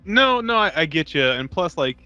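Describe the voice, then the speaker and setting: A man's voice: a little high, very animated, sharp tone, dull audio. A man co-hosting a podcast, riffing loosely on a movie and swearing casually while he talks. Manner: loose, sweary, quick to riff. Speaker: podcast co-host. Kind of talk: casual movie chat over beer.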